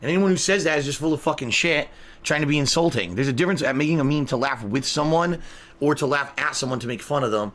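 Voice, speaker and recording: A man's voice: fairly high pitch, fast talker, fairly bright tone. A male streamer ranting in indignant, profane commentary to his chat.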